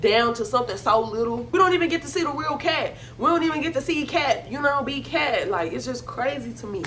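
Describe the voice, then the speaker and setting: A woman with a slightly high voice gives a casual recap of a reality show. She talks bluntly and gossips freely in heavy slang, swearing often. Faint noise hums behind her. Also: lively intonation, fairly quick, a bit bright.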